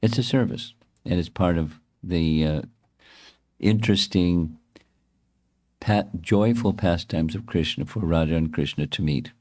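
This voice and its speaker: Slow, low-voiced man telling a devotional story. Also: a little mellow. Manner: halting, frequent self-corrections and restarts. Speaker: spiritual teacher.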